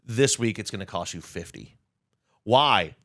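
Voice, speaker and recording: A man co-hosting a podcast, his lowish voice bright and edgy. He grumbles and swears in a dry, offhand way. The sound is dry and close. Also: expressive, measured pace, no room sound. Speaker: podcast co-host. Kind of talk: casual chat.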